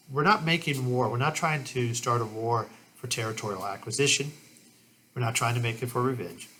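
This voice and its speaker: A man's voice: mid-range voice, pushed and bright. A man giving a casual, rambling history lesson, often restarting his sentences as he talks. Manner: conversational, with many restarts and "kind of" asides. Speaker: history teacher. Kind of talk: casual classroom lecture.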